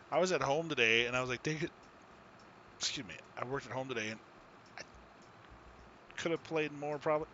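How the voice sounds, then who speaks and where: A man chatting casually with viewers while he streams a farming game, easygoing and quick to laugh. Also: mid-range voice, sharp tone, dull audio, slight background noise. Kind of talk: casual live-stream chat.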